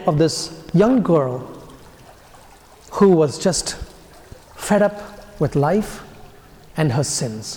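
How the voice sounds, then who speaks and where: A man, a priest, giving a homily as an earnest storyteller whose phrases soften and fall away at their ends. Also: a little high. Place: church. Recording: echoey church with long reverb.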